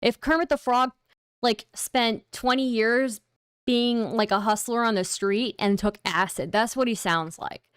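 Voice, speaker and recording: A woman's voice: on the high side, measured pace, fairly bright tone, smooth, no room sound. Chatty woman streamer, dry sound. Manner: rambling, incredulous, many fillers. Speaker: streamer host. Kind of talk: casual live-stream commentary.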